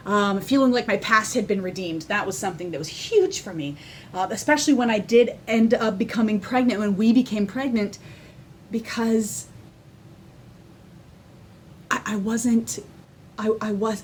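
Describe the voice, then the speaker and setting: A woman talking casually to the camera, excitable and candid, often laughing as she tells her story. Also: mid-range voice, unhurried, long pauses, a little hiss or hum. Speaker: vlogger sharing her personal story.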